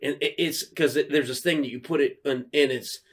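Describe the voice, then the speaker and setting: A man in his thirties, a podcast co-host, telling an animated, swear-filled story in casual chat and acting out the quotes. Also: mid-range voice, a little fast.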